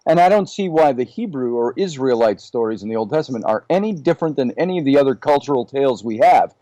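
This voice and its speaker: A man speaks as a guest on a podcast, musing through big questions one after another in a relaxed, conversational way. His voice has a warm, mellow tone and sounds dry and close, with no room echo. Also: mid-range voice, fast, muffled recording. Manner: musing, poses many questions. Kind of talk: casual discussion.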